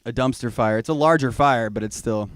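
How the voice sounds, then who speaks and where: A young man doing a stand-up comedy set in a small comedy bar, telling a rambling, self-mocking story and now and then breaking into loud, high-pitched shouting. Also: fairly quick, dry recording, studio quality.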